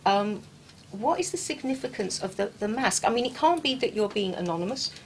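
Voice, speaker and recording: Brief: English-accented woman host, mid pitch, enthusiastic interviewer, faint background noise. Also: expressive, a little fast, low-quality recording. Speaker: radio-style show host, interviewer. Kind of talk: interview chat.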